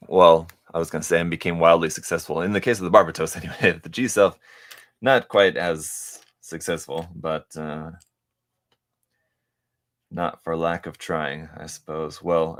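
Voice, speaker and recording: A man's voice: low-pitched, fairly even intonation, a little slow, a bit bright. A man hosting a live stream while he builds a model kit, chatting casually and answering viewers. He rambles with many fillers and restarts, and now and then mutters to himself as he works.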